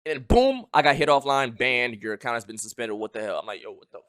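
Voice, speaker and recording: A young man streaming live, talking in an animated, loud way and swearing a lot as he argues his point. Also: medium pitch, fast talker, crowd noise. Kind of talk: heated casual chat on a live stream.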